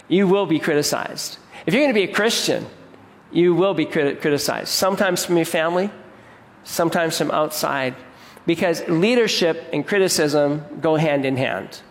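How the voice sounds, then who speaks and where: An earnest male pastor delivering a sermon in a conversational way, often restarting his words mid-thought. His voice sits a touch high for a man. It rings out with a long reverb in a large hall. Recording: echoey hall.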